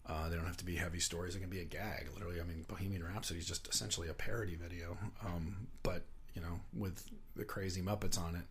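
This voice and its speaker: A man's voice: low voice, fairly even intonation, fast talker, slight background noise. A middle-aged man, a puppetry writer and director, chatting as an interview guest in a rambling way, often restarting his sentences. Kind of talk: casual interview talk.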